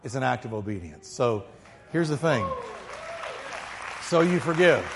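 A male pastor preaching a sermon emphatically, swinging from quiet, low asides to loud, ringing peaks and calling on the congregation to repeat after him. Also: sing-song, a little slow, crowd noise, noisy background. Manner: calls on the congregation to repeat lines. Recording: long hall reverb.

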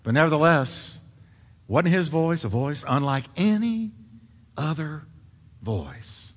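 A man preaching a sermon, swinging from loud emphatic peaks to hushed quiet asides. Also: fairly high pitch, long reverb tail.

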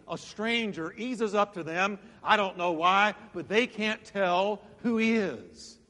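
A man's voice: high voice, sharp tone. A man preaching a sermon, telling a Bible story dramatically and acting out the voices of its figures. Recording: long hall reverb.

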